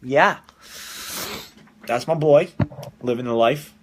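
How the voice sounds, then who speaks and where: A man's voice: medium pitch, slow pace, slight background noise. A man in his twenties hosting a casual live-streamed podcast from home, telling rambling, profane stories and laughing often. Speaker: podcast host.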